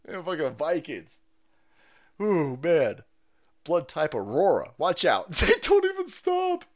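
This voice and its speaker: A man hosting a livestream, giving loud, crude, cackling commentary on video clips. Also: a little high, wildly swooping pitch, slow pace. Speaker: livestream host.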